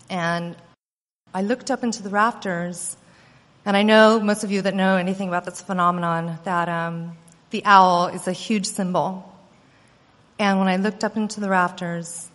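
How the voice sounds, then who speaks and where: A woman at a conference, recounting her own story in an earnest, halting way full of fillers and restarts. Her voice sits at a medium pitch and rings out with a long echo across a large hall. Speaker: conference speaker. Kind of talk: personal testimony talk.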